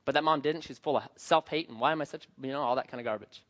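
A male pastor preaching a sermon in an animated, joking, conversational manner. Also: mid-range voice, fast, highs cut off.

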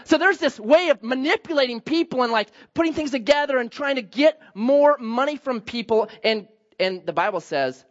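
Male pastor, animated sermon, bright tenor that leaps up and down. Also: very high-pitched, moderate pace, muffled recording. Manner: animated storytelling with self-mocking jokes. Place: church sanctuary.

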